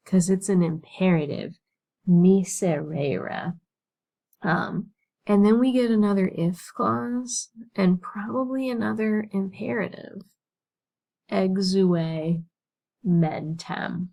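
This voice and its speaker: A woman's voice: medium pitch, slow pace, creaky, warm tone, rough recording. A woman teaching Latin, talking through the text casually and thinking aloud, with many "right?" and "like" fillers.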